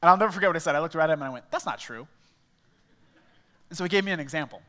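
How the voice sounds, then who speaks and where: A young man serving as a small groups pastor preaches a sermon in a church auditorium, telling stories in a conversational, self-mocking style. His voice is on the high side, racing and sharp, echoing through a reverberant church hall.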